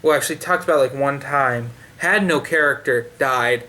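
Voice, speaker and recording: A man's voice: mid-range voice, normal speed, bright, forceful tone. A man giving a sarcastic, profanity-heavy book review in a loose, rambling way, full of fillers and restarts. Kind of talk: ranting casual review.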